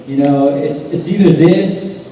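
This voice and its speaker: A man's voice: on the high side, a little slow. A man, a voice actor guest, answering fan questions in a laid-back, rambling way, laughing often. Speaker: voice actor guest at a convention panel. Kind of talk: casual convention Q&A storytelling. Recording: echoey convention hall, distant mic, noisy.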